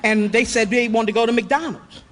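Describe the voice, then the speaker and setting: A woman from Ohio telling a humorous personal story to a live audience at a recovery gathering, animated and acting out voices with loud bursts. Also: on the high side, moderate pace. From Ohio, USA. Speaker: recovery meeting speaker. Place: hotel conference hall, live audience.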